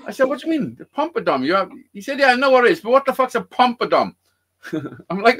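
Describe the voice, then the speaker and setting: A man's voice: very high-pitched, very animated, quick pace, a bit bright. Sweary man telling stories. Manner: sweary, storytelling, laughs often. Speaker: co-host. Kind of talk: casual live-stream chat.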